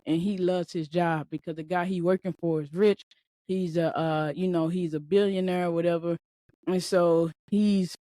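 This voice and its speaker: A woman's voice: on the low side, mellow, no room sound, studio quality. A woman hosting a podcast, telling a story in a rambling, conversational way and talking straight to her listeners. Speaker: podcast host. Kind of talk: casual storytelling chat.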